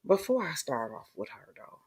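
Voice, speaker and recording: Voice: mid-range voice, very animated, normal speed, slightly rough. A host doing late-night live-stream commentary, chatty and emphatic, greeting viewers and swearing when heated. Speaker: online commentator and channel host.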